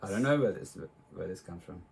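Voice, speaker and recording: A man's voice: low voice, lively intonation, a little fast, vocal fry. A man co-hosting a casual podcast chat, easygoing and hesitant, explaining things with many fillers. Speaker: podcast co-host.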